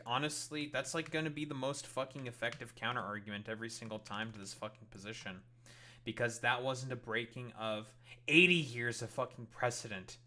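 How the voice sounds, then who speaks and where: Bright-voiced man ranting and swearing. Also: mid-range voice. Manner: heated, swears constantly. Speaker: streamer reacting to clips. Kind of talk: profane political rant.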